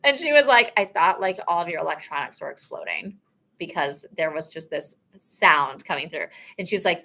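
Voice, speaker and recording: A woman's voice: fairly low pitch, expressive, normal speed, pushed and bright. A woman music teacher giving an upbeat, encouraging instrument lesson, counting the beats aloud in a chanting way. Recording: instruments playing along.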